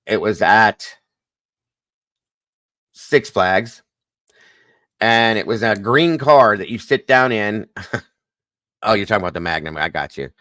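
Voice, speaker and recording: A man hosting a casual live stream, telling animated stories and swearing lightly. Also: on the low side, slow pace, long pauses, dry recording.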